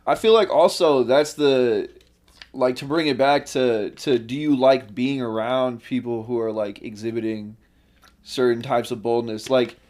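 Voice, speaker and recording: A man's voice: medium pitch, steady tone, unhurried, darkish tone. A man on a podcast chatting casually, thinking aloud with lots of "like" and some swearing. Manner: casual, reflective, peppered with "like" and swearing. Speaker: podcast co-host. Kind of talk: casual chat.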